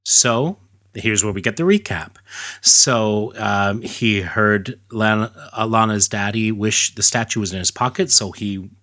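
A man's voice: lowish voice, unhurried, pushed and bright, dry recording, studio quality. A man casually retelling a comic story aloud at home, rambling with asides and fillers, now and then talking to a child.

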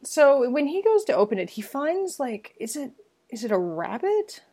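A woman co-hosting a casual chat about a film, animated and laughing, swearing casually. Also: high-pitched, moderate pace. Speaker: podcast co-host.

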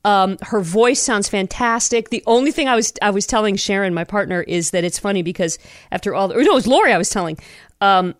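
A woman co-hosting a casual podcast chat, animated and rambling, often breaking into laughter. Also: medium pitch, fairly quick, no echo, clean studio sound. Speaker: podcast co-host.

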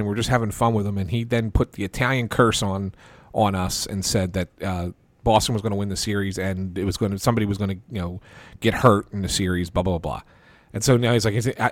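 A man with a fairly low voice, recorded without any echo, hosts a sports podcast. He tells a long anecdote in a relaxed, chatty style, often restarting his sentences and quoting what people said.

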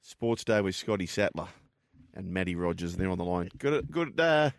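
A man's voice: deep voice, lively intonation, normal speed, dry recording, clean studio sound. A man, co-hosting sports radio, wry and tossing in questions and segment links. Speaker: radio co-host. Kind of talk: casual sports radio banter.

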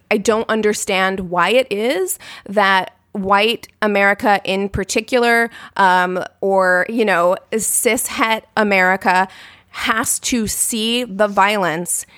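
Measured, thoughtful woman co-host. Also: mid-range voice, fairly even intonation, fairly bright tone, no room sound, studio quality. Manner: measured and thoughtful, speaking straight to listeners. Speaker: podcast co-host. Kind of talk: podcast discussion.

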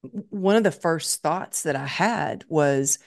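A woman's voice: low voice, takes it slowly, vocal fry. Woman guest, podcast interview, emotional story, replays her own thoughts aloud. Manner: vivid retelling, acting out her own past thoughts.

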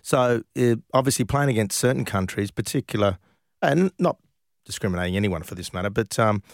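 A man's voice: lowish voice, expressive, a little fast, vocal fry, no room sound, studio quality. A man, a former footballer telling stories casually in an interview, often laughing as he goes. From Australia. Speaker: former professional footballer, guest.

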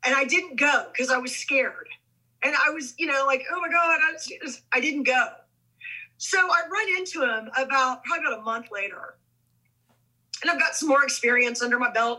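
A woman's voice: sits high, low-quality recording. A middle-aged woman, a guest on an interview podcast, chatting casually and acting out quoted dialogue in her stories. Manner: animated, acts out quoted dialogue. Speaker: guest actress. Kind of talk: casual storytelling.

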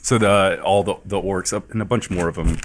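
A man's voice: low voice, steady tone, brisk. A man running a tabletop game as game master, narrating loosely with fillers.

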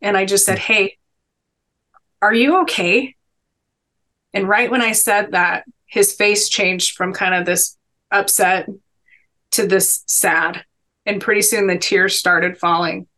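A woman's voice: medium pitch, fairly even intonation, measured pace, pushed and bright. A middle-aged woman, a podcast guest, telling personal stories in an earnest, emphatic way during a sit-down interview. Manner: earnest, emphatic storytelling with inspirational lines.

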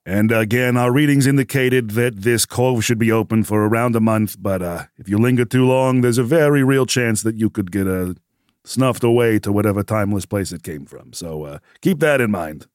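A man running a tabletop game, voicing a bored official in a dry, deadpan way. His voice sits on the low side, close to the mic with no room sound. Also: moderate pace, no echo. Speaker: game master.

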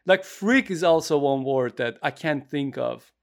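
A man's voice: on the high side, a little slow, vocal fry. A man co-hosting a casual chat, playful and arguing his points at length. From Iran. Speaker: podcast co-host.

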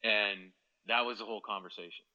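A man's voice: on the low side, fairly even intonation, a little fast, sharp tone, highs cut off. Man telling rambling hockey stories. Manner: rambling anecdotes, quoting others. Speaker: guest, former hockey player. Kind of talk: storytelling in a podcast interview.

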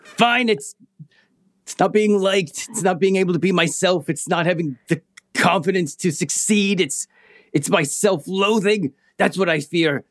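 A man playing in character at a tabletop game, with a fairly high voice that halts and searches for words. The sound is dry and close. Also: fairly bright tone, no echo. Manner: hesitant, halting, with fillers. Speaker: player. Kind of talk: casual in-character play.

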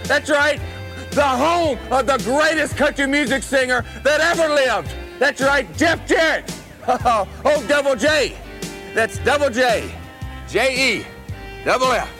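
A man's voice: very high-pitched, expressive, unhurried, bright, forceful tone, pitched above the performer's own voice, heavily acted. A man playing a cocky, boastful country singer wrestling villain in a promo clip, bragging and spelling out his own name. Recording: archive clip with music bed.

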